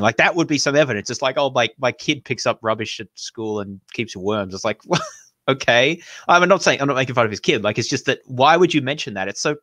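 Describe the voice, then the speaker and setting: A man's voice: mid-range voice, a bit bright, no echo, studio quality. A man hosting a video, reacting to clips in casual, rambling commentary full of fillers and restarts. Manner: incredulous, laughing. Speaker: host responding to videos.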